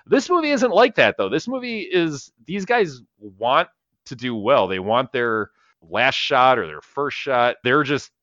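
A man's voice: mid-range voice, sing-song, measured pace, fairly bright tone, no echo, muffled recording. A man co-hosting a casual movie podcast, rambling, swearing and laughing often. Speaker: podcast co-host.

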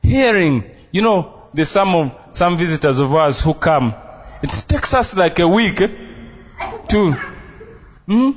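A man's voice: high voice, lively intonation, a little slow, long pauses. A man preaching a sermon as pastor in a church, emphatic and playful, dropping Luganda phrases into his English. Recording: dull, muffled sound.

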